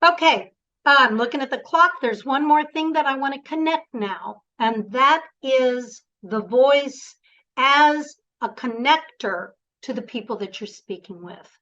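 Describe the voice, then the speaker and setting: A woman's voice: high voice, lively intonation, unhurried, bright, forceful tone, highs cut off. A woman coaching presenters in an online workshop, encouraging and directive, speaking over a video call.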